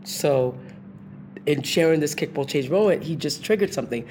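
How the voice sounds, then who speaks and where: A woman host from New York City, a lively storyteller who acts out the voices she quotes in a conversational interview. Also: low voice, normal speed, a little hiss or hum.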